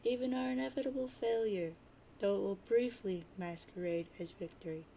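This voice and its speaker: Une femme lisant une fille calme et étrange. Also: female voice, medium pitch, normal speed, gravelly, a little hiss or hum, close to an everyday voice, low-quality recording. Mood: detached. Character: calm eerie teen girl who hears voices. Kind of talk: dramatic reading of a webcomic.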